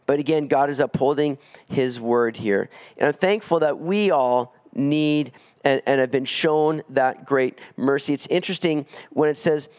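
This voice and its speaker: A man preaching an expository sermon, earnest, climbing higher when he presses a point. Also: a little slow, darkish tone, clean tone. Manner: earnest preaching, rising in pitch on emphatic pleas. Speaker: pastor.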